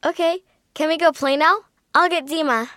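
A woman's voice: high voice, normal speed, fairly bright tone, no room sound, studio quality. A woman voicing a cheeky, teasing young girl in an audio storybook, with a sing-song delivery. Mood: eager.

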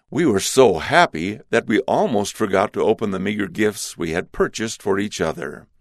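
A man giving a measured scripted reading of letters and questions. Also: lowish voice, gravelly, dry recording, clean studio sound.

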